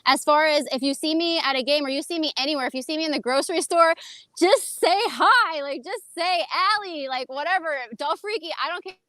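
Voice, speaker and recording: Bubbly high-voiced woman, dry sound. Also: brisk, sharp tone, no room sound. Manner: bubbly, peppered with "like", laughs easily. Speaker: guest co-host, fan club leader. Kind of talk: casual podcast chat.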